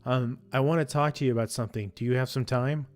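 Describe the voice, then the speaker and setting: A man reading the lines of an earnest young female college student who pleads with a friend, keeping his own mid-pitched voice. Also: steady tone, fast, darkish tone, faint music behind, natural voice. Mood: worried.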